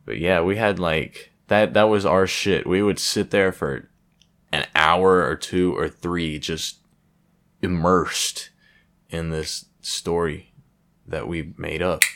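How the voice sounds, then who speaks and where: A man's voice: low voice, steady tone, takes it slowly, fairly bright tone. A young man hosting a podcast, rambling casually with lots of swearing and self-deprecating asides. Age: young adult. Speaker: podcast host. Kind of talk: casual solo podcast chat.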